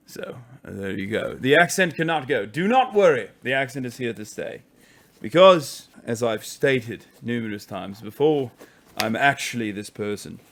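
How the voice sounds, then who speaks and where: A male streamer putting on a pompous posh upper-class English accent, talking in a mock-genteel way with lively swoops. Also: medium pitch, normal speed, close to an everyday voice. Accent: posh English (put on). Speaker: live streamer. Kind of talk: mock-posh comedic monologue.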